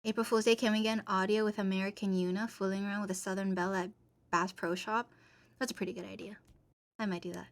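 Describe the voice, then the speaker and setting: A woman's voice: mid-range voice, little pitch movement, fast talker. A woman streamer talks casually with her chat, rambling and playful. She giggles often and moves loosely from one thought to the next.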